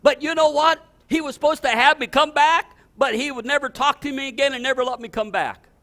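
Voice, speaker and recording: Older man, pastor; high voice, animated storytelling sermon, repeats and builds to exclamations. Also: fairly quick. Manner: animated, repetitive restarts, rising to exclamations.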